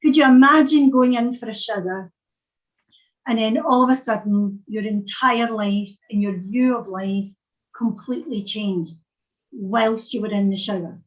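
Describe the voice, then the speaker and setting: A woman's voice: mid-range voice, unhurried, poor audio. A middle-aged woman with a Scottish accent, giving an earnest talk over a video call and repeating phrases as she searches for words. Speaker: psychic speaker.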